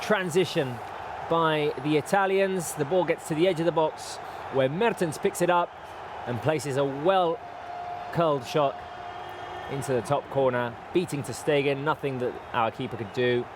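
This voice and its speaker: A man's voice: a little high, noisy background. A man doing live football play-by-play commentary with jokey banter between calls. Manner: excitable, quick asides, jokey.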